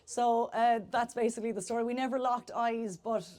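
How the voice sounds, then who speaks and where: A woman's voice: fairly high pitch, steady tone, a little fast, a little mellow. A young Irish woman with an Irish accent, telling a comic dating story live on stage in a chatty, self-deprecating way. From Ireland.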